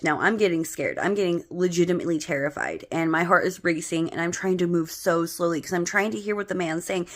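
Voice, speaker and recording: A middle-aged woman telling a personal ghost story in a chatty, dramatic way, full of fillers. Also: lowish voice. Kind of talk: casual spoken ghost story.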